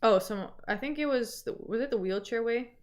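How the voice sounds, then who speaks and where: A woman's voice: a little high, normal speed. Chatty Canadian woman streamer. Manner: chatty, reads viewer comments aloud. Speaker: livestream host. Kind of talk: casual livestream chat.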